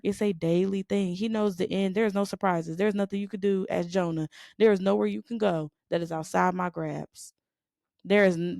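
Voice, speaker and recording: A woman's voice: medium pitch, gravelly, darkish tone, no echo, studio quality. A woman co-hosting a faith podcast. She preaches in a conversational way, stressing her points with repetition and rhetorical questions, and keeps asking "you know what I'm saying?". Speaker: podcast co-host.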